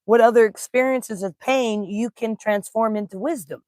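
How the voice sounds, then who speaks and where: A spiritual teacher gives a casual live-streamed talk, telling stories in folksy slang, laughing easily, and greeting viewers in the chat. The voice is medium-pitched, a little mellow, and at a moderate pace, recorded cleanly in a studio with no echo.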